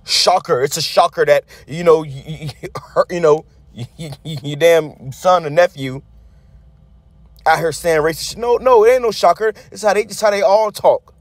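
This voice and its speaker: A man's voice: on the high side, normal speed, no room sound. A man preaching in a heated, blunt, profane way, commenting on a news clip with frequent restarts and a repeated tag word. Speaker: street preacher. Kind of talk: angry sermon-style commentary on a news clip.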